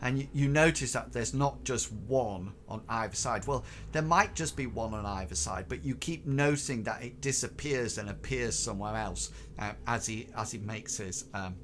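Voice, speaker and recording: A man's voice: medium pitch, normal speed, hardly any pauses, fairly bright tone. Hesitant man running a tabletop game. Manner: hesitant, full of fillers and restarts. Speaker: game master. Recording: noisy recording.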